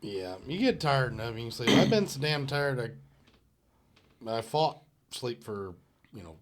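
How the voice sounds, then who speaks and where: A middle-aged man and podcast co-host, a former truck driver, chatting casually. He talks in a laid-back, halting way and swears often. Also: medium pitch, very animated, a little hiss or hum. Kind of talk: casual storytelling chat.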